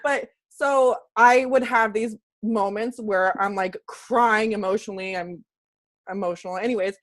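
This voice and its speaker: A woman's voice: medium pitch, steady tone, unhurried. Chatty woman leading a group call, laughs easily, speaks openly about feelings. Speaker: team leader hosting a call. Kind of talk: casual team call chat.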